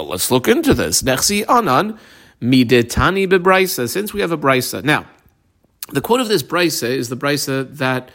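A man's voice: mid-range voice, a bit bright. Man teaching Talmud line by line. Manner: reads each Aramaic phrase, then translates and explains it; calls out his page markings as he goes.

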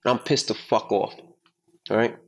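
A middle-aged man hosting a casual podcast chat, telling a story in an emphatic, profane, animated way. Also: lowish voice, unhurried. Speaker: podcast host.

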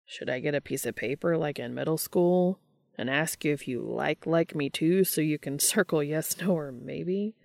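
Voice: medium pitch, normal speed, creaky, darkish tone, no room sound, studio quality, natural voice. A reader voicing a cocky adult man who talks casually and teases, in a fan fiction audiobook reading. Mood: teasing. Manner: casual and teasing. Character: cocky, joking adult male hunter.

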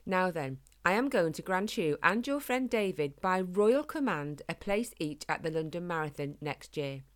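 A woman's voice: on the low side, expressive, moderate pace, lightly acted. A woman voicing a gracious, posh-spoken elderly queen in a storybook. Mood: warm, regal. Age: older. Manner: posh, refined speech.

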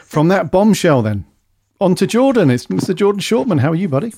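A man's voice: high voice, big pitch swings, a little fast, warm tone, no echo. Chatty male podcast host, dry sound. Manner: chatty, rambling off on tangents. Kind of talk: casual panel chat.

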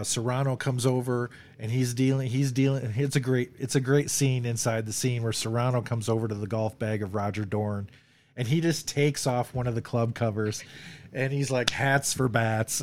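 A man's voice: medium pitch, a little mellow. A man hosting a casual movie discussion podcast, rambling and laughing often as he quotes lines. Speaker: podcast host.

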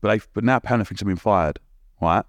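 A man telling a lively story as a podcast guest, full of restarts and acted-out quotes. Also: on the low side, dry recording, studio quality. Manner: rapid, animated, lots of restarts and acted-out quotes. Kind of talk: casual storytelling.

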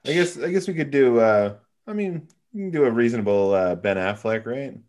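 A man's voice: medium pitch, lively intonation, fairly quick, darkish tone. A man chatting casually about a film with friends, hesitant and full of fillers. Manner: hesitant, many fillers and restarts.

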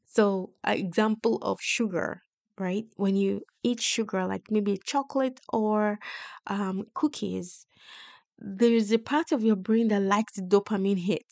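A woman's voice: mid-range voice, steady tone, unhurried, gravelly, darkish tone, no echo. Woman coach explaining things plainly. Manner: explanatory, often checks in with "right?" and "okay?". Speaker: podcast host and wealth coach. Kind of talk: teaching monologue.

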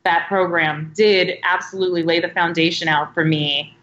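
A woman's voice: on the low side, fairly even intonation, moderate pace, fairly bright tone, roomy sound, muffled recording. A woman in her thirties, talking as a guest in a casual interview, chatty and rambling with many filler words. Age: 30s.

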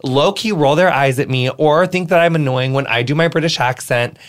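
A man chatting as a podcast guest, animated and rambling, swearing and restarting his sentences. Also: fairly high pitch, normal speed. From United States. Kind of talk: casual chat.

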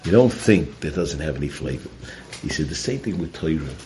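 A man's voice: extremely low pitch, animated, a little fast, noisy background. A man giving a Torah talk full of stories, mixing in Yiddish and Hebrew terms. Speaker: Torah teacher.

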